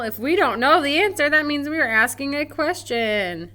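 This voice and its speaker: A woman teaching a recorded grammar lesson to first graders, gentle and encouraging, asking the children questions and reading example sentences slowly with exaggerated feeling. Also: high-pitched, lively intonation.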